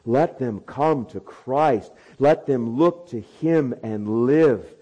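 A man's voice: mid-range voice, takes it slowly, dull audio. Fervent male pastor preaching a sermon. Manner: dynamic, swings from quiet asides to loud fervent proclamation.

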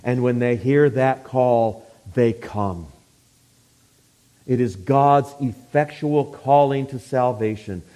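Man, preacher, sermon, mellow warm tone, dynamic, hushed to loud. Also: medium pitch, slow.

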